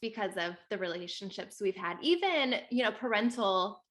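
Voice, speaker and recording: A woman's voice: medium pitch, lively intonation, normal speed, fairly bright tone. A woman hosting an interview, affirming her guest with an enthusiastic manner. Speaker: host and hypnotherapist. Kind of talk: casual interview.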